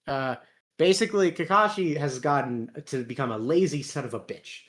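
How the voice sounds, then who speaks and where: A man's voice: a little high, normal speed, a bit bright. Man, sarcastic chatty host. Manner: laughing, sarcastic, swears freely. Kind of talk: casual chat.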